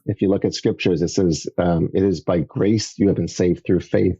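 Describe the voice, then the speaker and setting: A middle-aged man from Canada, a podcast guest telling his faith story in a casual, animated way. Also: deep voice, moderate pace, breathy edge, highs cut off. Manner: animated storyteller, acts out voices. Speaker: podcast guest, evangelist turned entrepreneur.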